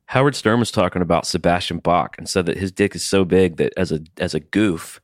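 A man's voice: low voice, a little fast, dry recording. A man co-hosting a comedy podcast, talking in a dry, earnest, casual way. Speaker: podcast co-host.

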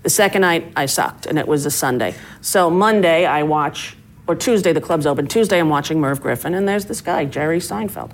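Woman, middle-aged, comedian guest, lively storytelling, slightly low voice. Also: brisk, rough recording. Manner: animated, acts out quotes with big pitch jumps. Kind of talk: casual storytelling interview.

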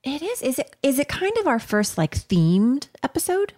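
A woman co-hosting a podcast over a video call, chatting casually with quick asides and frequent laughs. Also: high-pitched, big pitch swings, a little mellow. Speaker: podcast co-host. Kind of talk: casual chat.

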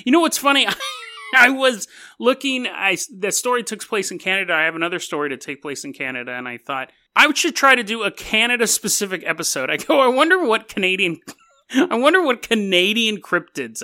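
A man hosting a casual storytelling podcast, joking and laughing often as he talks. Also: high-pitched. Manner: laughs often, jokey and animated. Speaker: podcast host.

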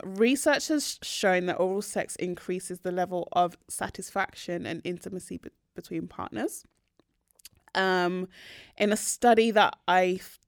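A woman, co-hosting a podcast in casual chat, talking frankly and relaxed and reading out bits of research in a chatty way. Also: lowish voice, dry recording, clean studio sound. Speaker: podcast co-host.

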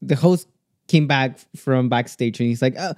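A man, chatting as a guest and telling a story with lively acted-out quotes. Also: mid-range voice, measured pace, no echo, studio quality. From Chile. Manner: animated storytelling, acting out quotes. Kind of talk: casual chat.

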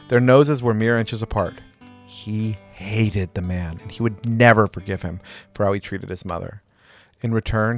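A man narrating a story chapter in a steady, measured reading voice. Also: fairly low pitch. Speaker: audiobook narrator. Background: faint guitar music.

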